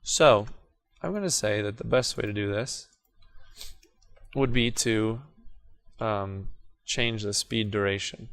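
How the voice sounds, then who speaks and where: A man's voice: on the low side, takes it slowly. A man casually talking through a video editing tutorial as he clicks along, correcting himself now and then. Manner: relaxed, self-correcting, talks through clicks as he works. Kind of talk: casual screen-recorded software tutorial.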